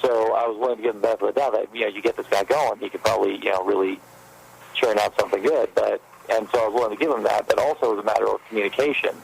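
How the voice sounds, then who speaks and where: A man, a fan filmmaker guest, telling stories in a rambling, animated way during a casual interview, with a gravelly voice. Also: lowish voice, rapid-fire, a little hiss or hum, low-quality recording.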